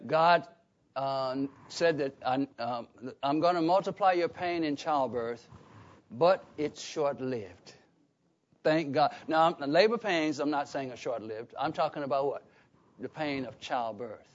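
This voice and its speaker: A man's voice: fairly high pitch, a little slow. A man preaching a sermon, emphatic and conversational, often asking the listeners questions. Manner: emphatic, asks the congregation questions. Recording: dull lo-fi recording.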